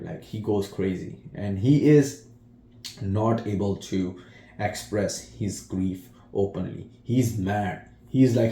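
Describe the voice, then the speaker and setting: A man's voice: on the low side, fairly even intonation, warm tone. A man reviewing a film in casual speech, retelling scenes with feeling and many restarts. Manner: slow, emotional retelling with acted quotes and restarts. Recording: echoey room.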